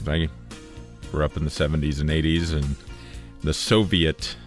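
A man in his fifties hosting local morning radio, announcing in a relaxed, conversational way. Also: extremely low pitch, moderate pace, soft background music. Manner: relaxed, conversational, self-correcting.

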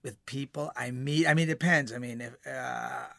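Bright-voiced animated man chatting. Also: medium pitch, gravelly, no room sound, clean studio sound. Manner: animated, quick, repeats words. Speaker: guest actor. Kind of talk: casual interview chat.

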